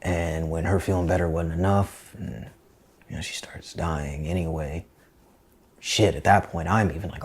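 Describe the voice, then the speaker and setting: A man in his twenties, a podcast guest telling a personal story in a candid, profane, animated way. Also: low-pitched, moderate pace, a little hiss or hum. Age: 20s.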